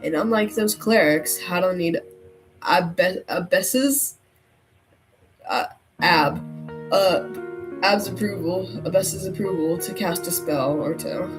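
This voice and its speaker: A woman streamer reading a story game aloud, breaking off into animated outbursts and jokes to her chat. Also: on the low side, takes it slowly, long pauses, low-quality recording. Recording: game music and crowd sounds behind the voice. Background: game music and tavern crowd noise.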